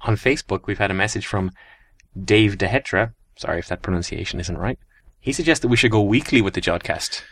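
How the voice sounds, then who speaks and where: A man's voice: lowish voice, a little fast, fairly bright tone, no echo. A man co-hosting a podcast reads out listener emails and messages in an easygoing way. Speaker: podcast co-host.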